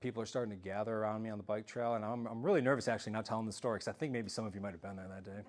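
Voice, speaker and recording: A man telling a story in an animated, self-mocking way during a talk to a live audience. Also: lowish voice, racing. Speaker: speaker giving a self-defense talk.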